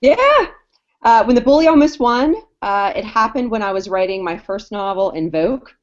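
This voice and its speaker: A woman's voice: a little high, very animated, normal speed, dull audio. A woman novelist on a writing panel, talking in a cheerful, chatty way and laughing often. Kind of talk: casual panel talk.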